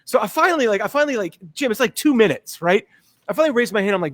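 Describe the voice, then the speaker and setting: A man talking casually and with high energy, acting out other people in his anecdotes. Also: no room sound. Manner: energetic, fast-talking, acts out voices in anecdotes. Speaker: guest. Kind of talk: casual storytelling in a talk.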